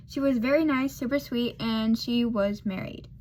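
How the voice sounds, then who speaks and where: A woman's voice: on the high side, normal speed, a little mellow, slight background noise. A woman vlogger telling a casual storytime while doing her makeup, rambling and losing her thread with lots of fillers.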